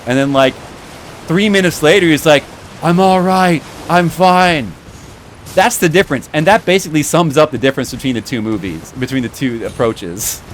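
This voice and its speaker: A man streaming a video game, chatting casually and rambling about movies with animated, mocking asides. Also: medium pitch, fairly quick. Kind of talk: casual chat while gaming. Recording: noisy background.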